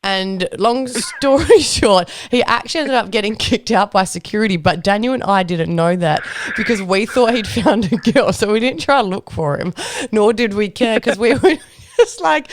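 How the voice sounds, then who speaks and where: Woman podcaster telling a story, keeps laughing, smooth clear voice, dry sound. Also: medium pitch, moderate pace, dry recording. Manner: animated, laughs often, acts out quoted lines. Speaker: podcast host. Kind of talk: casual storytelling.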